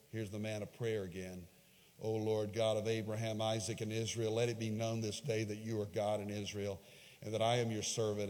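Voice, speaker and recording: A man preaching a sermon, retelling a scripture story dramatically, swinging from hushed lines to loud, raised ones. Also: lowish voice. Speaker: pastor. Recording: long hall reverb.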